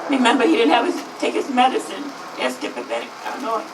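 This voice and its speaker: A high-pitched woman in her fifties speaks out at an outdoor rally, emphatic and driven, returning again and again to her slogans. She is heard from a distance through an echoey sound, with traffic audible behind her. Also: wildly swooping pitch, quick pace. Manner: emphatic, repeats slogans, voice rising to shouts. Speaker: grieving mother speaking at a rally. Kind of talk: impassioned public speech.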